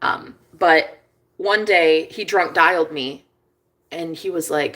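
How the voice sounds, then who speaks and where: A woman talking casually to camera in a confessional vlog, chatty and profane, swinging between hushed and excited. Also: low voice, takes it slowly. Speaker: vlogger and manifestation coach.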